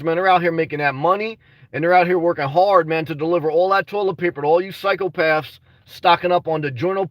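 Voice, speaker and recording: Casual livestreamer, male, high-pitched, rambling and frustrated, dry sound from a distance from the mic. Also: no room sound. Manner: rambling, frustrated, full of "man" and restarts. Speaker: vlogger reading live chat.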